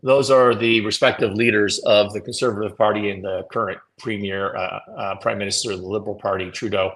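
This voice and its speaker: A man's voice: on the low side, steady tone, fairly quick, fairly bright tone, rough recording. A man hosting a live morning show, giving blunt, opinionated commentary with swearing and self-mocking laughs. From Canada.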